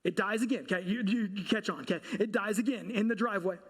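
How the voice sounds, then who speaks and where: A married man, a pastor, preaching a sermon through a funny personal story, animated and quizzing his listeners along the way. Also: sits high, fast, breathy edge. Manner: comic, animated storytelling with audience questions.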